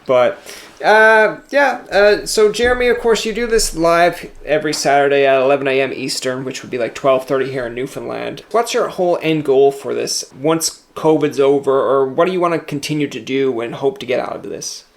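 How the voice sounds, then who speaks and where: A man in a relaxed interview chat, telling loose, joking stories and acting out little voices as he goes. His voice sits at an ordinary middle pitch, and he speaks from home. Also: moderate pace, gravelly. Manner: jokey, rambling storyteller who acts out quotes. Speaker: podcast host.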